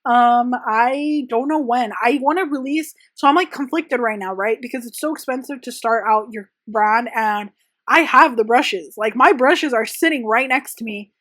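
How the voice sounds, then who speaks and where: A young woman who makes press-on nails sits in her home room hosting a chatty Q&A vlog for her channel, rambling casually through viewer questions with frequent "like" and "um." Her fairly high voice is a bit bright, she speaks at normal speed, and there's no echo.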